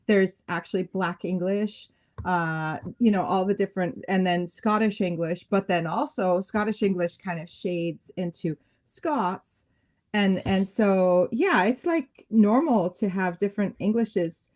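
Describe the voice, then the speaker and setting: A woman's voice: mid-range voice, unhurried, darkish tone. A woman talking in a casual live-stream conversation, thoughtful and loose, with many fillers and restarts. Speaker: guest.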